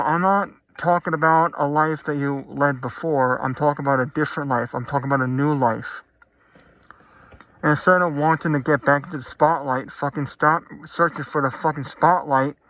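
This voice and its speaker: A man with a slightly high voice rants in anger, swearing constantly and speaking bluntly. The sound is dry and close, with no room around it. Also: fairly bright tone, no room sound. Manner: profane, heated, blunt. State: angry. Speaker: vlogger. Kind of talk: angry rant to camera.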